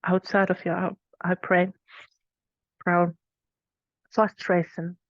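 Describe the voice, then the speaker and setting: A woman hosting a webinar, guiding a tapping exercise with calm, repetitive phrases to repeat after her. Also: lowish voice, slow pace, dry recording, muffled recording. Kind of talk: guided repeat-after-me instruction.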